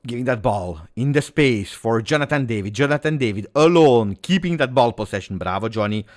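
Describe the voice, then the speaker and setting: A man giving live football reaction commentary, excitable play-by-play mixed with exclamations. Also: medium pitch, moderate pace, few pauses. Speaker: football watch-along streamer.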